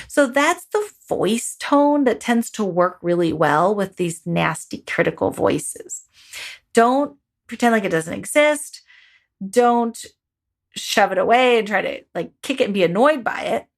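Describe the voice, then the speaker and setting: A woman hosting a parenting coaching podcast, talking in an expressive, encouraging, conversational way. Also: medium pitch, unhurried, vocal fry.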